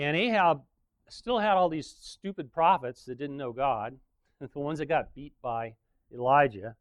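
A man preaching in a relaxed, conversational way, retelling an old story with jokes and little chuckles. His voice sits a bit high for a man. The recording is dry, with no room sound. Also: unhurried, no echo. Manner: chatty, joking retelling with frequent chuckles. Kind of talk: casual sermon storytelling.

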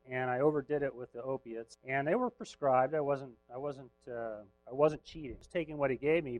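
A man's voice: mid-range voice, no echo, rough recording. Chatty middle-aged man preaching a testimony. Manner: conversational, self-deprecating, laughs while telling stories. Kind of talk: personal testimony sermon.

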